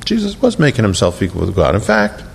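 A middle-aged man preaching in a church, his voice carrying a long reverb through the hall over a faint rumble. He swings from raised, emphatic lines to low, hushed tenderness, at a mid pitch for a man. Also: wildly swooping pitch, fast talker, creaky. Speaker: pastor. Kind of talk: sermon.

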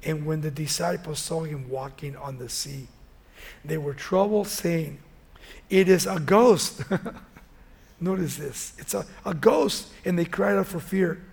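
Male preacher, high and gravelly voice, lively chatty sermon delivery. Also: unhurried. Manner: animated, conversational retelling of a Bible story.

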